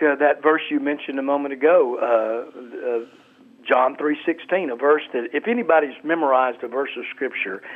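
A man, a pastor and author, talking earnestly on Christian radio, often halting and restarting his sentences. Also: mid-range voice. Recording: tinny phone line.

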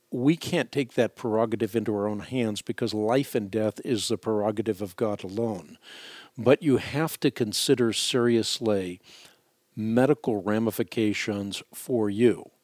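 A man's voice: on the low side, no room sound, studio quality. A male radio host giving earnest, reassuring religious advice to a caller.

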